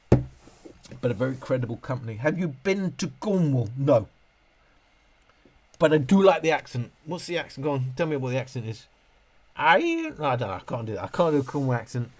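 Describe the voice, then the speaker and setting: A man hosting a casual live stream, reading chat questions aloud and ranting with frequent laughs. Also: mid-range voice. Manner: animated, ranting, laughs often. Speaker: livestream host answering chat questions.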